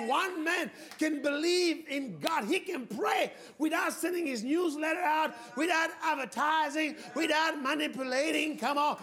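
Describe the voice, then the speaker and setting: A man preaching a fervent sermon to a congregation, exhorting them, often shouting and leading call-and-response. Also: very high voice, background noise. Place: church with a congregation. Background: faint congregation.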